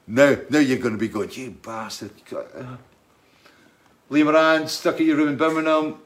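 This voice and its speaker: A middle-aged man, a singer, chatting casually as he answers viewer questions and tells stories in a rambling, halting way. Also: medium pitch, steady tone. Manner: rambling, halting, full of restarts and asides. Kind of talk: casual chat, storytelling.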